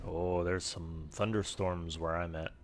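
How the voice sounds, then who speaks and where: A man chats over his game stream with a low voice. He is slow and quiet, mumbling to himself between thoughts, with a faint hum of noise underneath. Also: fairly even intonation. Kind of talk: casual gameplay chat.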